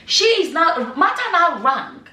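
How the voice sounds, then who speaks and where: A woman's voice: very high-pitched, sing-song, measured pace, sharp tone. Mid-aged woman vlogging in an echoey room. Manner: emphatic, rhetorical questions, many "you know" asides. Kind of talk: casual commentary vlog. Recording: echoey room, voice a bit far from the mic.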